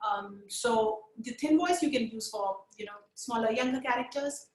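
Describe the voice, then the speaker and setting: A woman's voice: fairly high pitch, moderate pace, darkish tone, roomy sound, poor audio. A woman with an Indian accent teaching a puppetry webinar, mixing Hindi into her English and encouraging her listeners to try voices with her. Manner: switches between English and Hindi mid-sentence; encouraging, demonstrates voices with bursts of laughter. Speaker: puppetry trainer. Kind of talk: webinar lesson.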